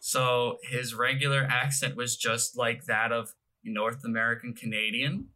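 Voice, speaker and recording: Young man, very bright tone, rambling casual chat, corrects himself often. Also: medium pitch, flat delivery, measured pace, poor audio. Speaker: podcast co-host.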